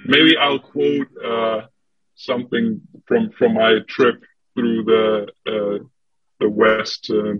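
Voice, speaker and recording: Brief: man, second-language speaker, hesitant guest. Low, flat, husky. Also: slow pace, dull audio. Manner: hesitant, many fillers and restarts. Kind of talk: casual conversation.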